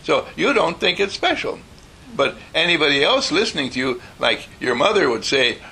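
Gravelly, animated man giving an inspirational talk. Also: on the high side, moderate pace. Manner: animated storyteller who acts out voices and laughs.

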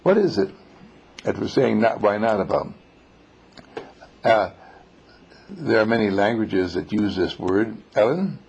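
A man's voice: on the low side, expressive, measured pace, creaky, pauses often, darkish tone, muffled recording. A man teaching a small class on spiritual matters, telling stories and posing rhetorical questions.

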